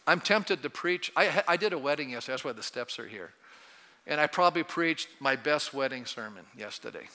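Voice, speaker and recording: Bright high-voiced older pastor preaching. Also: male voice, animated, fairly quick. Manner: conversational, teasing the congregation, building to fervent. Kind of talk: sermon. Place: church sanctuary. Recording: reverberant church hall.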